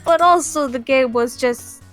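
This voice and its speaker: High-voiced woman chatting slowly and giggling. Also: soft background music. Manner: chatty, giggling, animated storytelling. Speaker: co-host. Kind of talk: casual chat about video game glitches.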